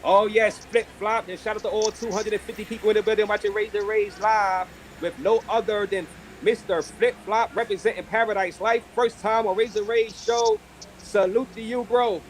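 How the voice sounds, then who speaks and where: Brief: man hosting a livestream, high voice, relaxed banter that hypes the viewers. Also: normal speed, slight background noise. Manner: laid-back, hyping up the chat. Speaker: livestream interview host.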